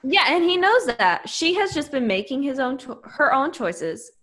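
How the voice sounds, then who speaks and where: An animated woman with a fairly high voice makes her case about a book. Her pitch leaps around as she argues, and she swears freely. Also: moderate pace. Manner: emphatic, animated opinions with swearing. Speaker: podcast co-host. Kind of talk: casual book chat.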